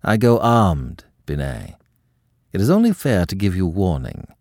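A man's voice: low-pitched, huge pitch swings, unhurried, darkish tone, dry recording, clean studio sound, full character voice. A man playing an icy, cynical avenger. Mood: icy contempt. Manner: cutting, contemptuous. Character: cold, cynical young man, icily menacing.

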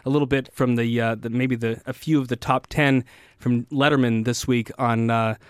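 A male host asking interview questions in a measured way, with occasional fillers. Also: medium pitch, steady tone, clean tone, no echo, studio quality. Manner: measured, with some hesitant fillers.

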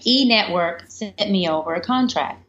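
A woman guest telling a personal story in an interview, animated and lively, often slipping into the voices of other people. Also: medium pitch, normal speed. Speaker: life coach guest. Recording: slightly muffled with faint background noise.

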